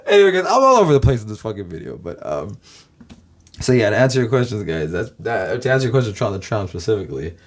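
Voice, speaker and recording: A man's voice: fairly low pitch, wildly swooping pitch, fast. A man from Los Angeles, a YouTuber, rambling casually to his viewers, swearing constantly and calling them guys.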